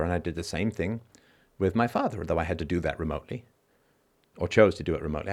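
Deep-voiced man hosting a call-in show. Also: lively intonation, fast talker. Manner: emphatic, repeats key lines for stress; briefly acts out other people's reactions in mocking voices. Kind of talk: philosophical monologue to a caller.

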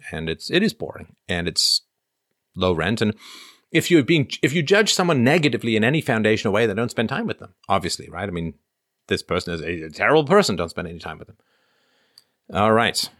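Reading super chats aloud on a casual livestream, a middle-aged Canadian host answers his viewers in a conversational way, peppered with ums and uhs. His lowish voice is sing-song, fairly quick and a bit bright. There's no room sound, just clean studio audio.

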